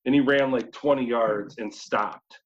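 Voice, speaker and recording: Animated man telling a hunting story. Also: mid-range voice, measured pace. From New York State, USA. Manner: animated, acts out his own thoughts in quotes. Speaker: guest hunter. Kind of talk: casual storytelling. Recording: slightly dull lo-fi audio.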